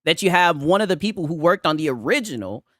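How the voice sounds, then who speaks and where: A man's voice: a little high, fast talker, no echo, clean studio sound. A man streaming casual, profane gaming commentary who keeps asking "right?" between his points. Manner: profane and animated, constantly adds "right?". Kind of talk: casual ranting live stream.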